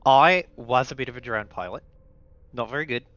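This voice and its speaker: A man's voice: mid-range voice, moderate pace, a bit bright, dry recording, dull audio, close to an everyday voice. A man voicing a nervous, earnest young hacker who rambles and hesitates, in a tabletop game. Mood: explaining.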